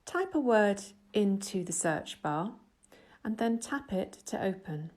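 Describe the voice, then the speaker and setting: A middle-aged English teacher delivers a scripted voice-over in a medium-pitched voice, speaking clearly at a measured, patient pace. Her tone stays steady and explanatory, as if guiding a learner through each step.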